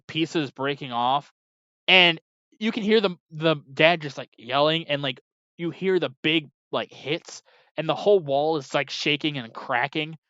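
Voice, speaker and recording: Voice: mid-range voice, a bit bright, no room sound, lo-fi sound. A TV reviewer talking casually, exasperated and sarcastic, rambling with lots of filler "like"s. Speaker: TV episode reviewer.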